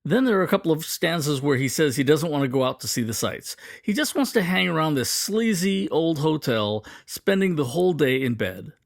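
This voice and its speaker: A man with a fairly high voice gives a poetry lesson, and his pitch swings widely as he explains. He slows down to read quoted lines with drama. The recording is dry and close. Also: creaky, no room sound. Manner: lively, reads quoted lines slowly and dramatically. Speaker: poetry teacher. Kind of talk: explanatory lesson with poem readings.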